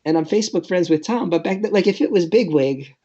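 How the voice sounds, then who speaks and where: A man's voice: sits high, expressive, fast talker, dark tone, lo-fi sound. A man in his late thirties, a comedian guest telling a story in a rambling, nervous, self-deprecating way. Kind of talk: casual podcast storytelling.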